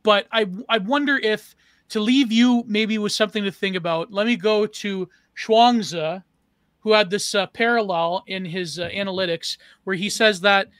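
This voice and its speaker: A man's voice: high voice, normal speed, fairly bright tone, no echo, clean studio sound. A man co-hosting a casual podcast discussion, rambling and searching for words as he asks questions. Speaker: co-host.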